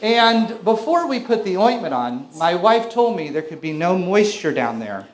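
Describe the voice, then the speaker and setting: Self-mocking comedian in an echoey club. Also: male voice, high voice, big pitch swings, normal speed. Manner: conversational, self-mocking storyteller. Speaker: stand-up comedian. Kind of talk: stand-up comedy set. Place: club stage before a live audience. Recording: echoey venue with audience noise.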